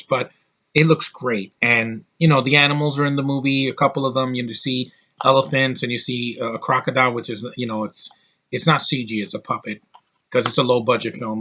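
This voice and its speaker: A man's voice: medium pitch, bright, forceful tone. A man giving a casual spoken film review, rambling with lots of fillers and restarts, sounding tired. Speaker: movie reviewer.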